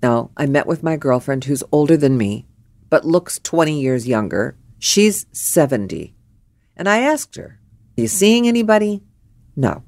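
Animated woman telling a story. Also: measured pace, no room sound. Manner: animated, acts out quotes with big pitch jumps. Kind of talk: storytelling monologue.

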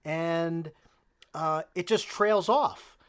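A man hosting a podcast interview, asking relaxed, curious questions. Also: a little high, very slow, smooth.

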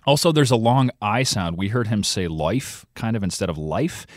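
Man from vermont, low voice, measured explainer, dry studio sound. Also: animated, no room sound. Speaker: reporter and podcast host. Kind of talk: radio interview.

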